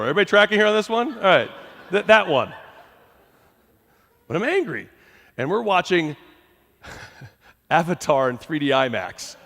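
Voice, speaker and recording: A middle-aged man giving a motivational talk, telling a personal story to a live audience in a conversational, animated way and often asking the crowd questions. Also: high voice. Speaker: motivational speaker. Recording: long hall reverb.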